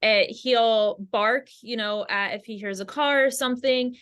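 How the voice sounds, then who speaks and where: A woman in casual podcast talk, explaining ideas in a calm, spiritual way over a video call. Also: a little high, unhurried, smooth. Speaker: podcast guest. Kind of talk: casual chat.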